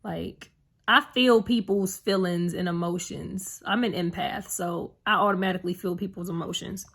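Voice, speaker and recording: A woman's voice: lowish voice, steady tone, moderate pace, vocal fry, fairly bright tone, breathy edge. A young woman vlogging to camera, telling a personal story in a rambling, earnest way full of fillers. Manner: emotional, heartfelt retelling.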